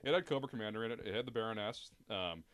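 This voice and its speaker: A man's voice: fairly low pitch, racing, fairly bright tone. A man talking casually as a podcast guest, profane and rambling, laughing through his stories.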